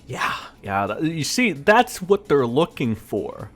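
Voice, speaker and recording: A man's voice: a little high, very animated, slow pace. A man giving a profane, sarcastic rant as a gaming commentator. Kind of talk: ranting commentary vlog.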